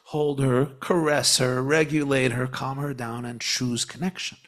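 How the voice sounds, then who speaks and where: A man speaking as a spiritual teacher on a podcast, teaching with animated emphasis and repeating phrases. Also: mid-range voice, unhurried. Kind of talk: podcast conversation.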